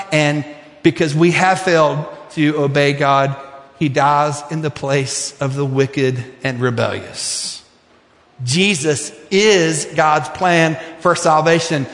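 A male pastor with a high voice delivers an impassioned sermon, his words ringing through a large, echoing sanctuary. He swings from near-shouts to hushed appeals, and a long reverb trails each phrase. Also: slow pace. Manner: impassioned preaching, rising to shouts and dropping to hushed prayer. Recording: echoey hall with long reverb.

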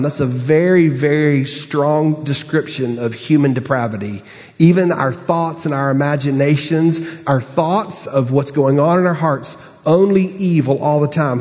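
A man preaching a sermon, telling a story with sudden high bursts and hushed asides. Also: a little slow, big-room sound. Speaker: pastor.

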